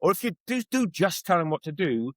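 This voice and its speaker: A man's voice: high-pitched, brisk, no room sound, low-quality recording. A man guest on a podcast, an educator telling stories in conversational interview style, acting out the voices of people he quotes. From Wales. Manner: animated storyteller, acts out quoted voices.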